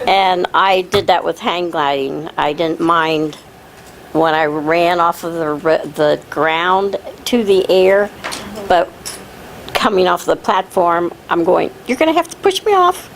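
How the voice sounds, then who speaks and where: A woman with a fairly low voice responds to a speaker with casual, joking remarks. Her speech comes over an audible background hiss. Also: steady tone, slow. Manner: chatty, joking, relating own story. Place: club meeting room.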